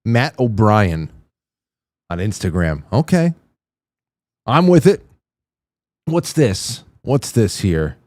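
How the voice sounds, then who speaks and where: A man's voice: on the low side, big pitch swings, extremely slow, long pauses, a little mellow, no echo, clean studio sound. A man hosting a show, reacting to clips with amused, wry commentary. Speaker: show host. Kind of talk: casual commentary on video clips.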